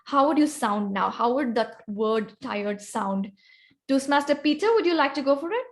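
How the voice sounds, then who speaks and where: This is a high, expressive female voice at a moderate pace, carrying an Indian accent. She's presenting an online club workshop as a guest speaker on vocal variety, picking out volunteers by name while teaching speaking skills.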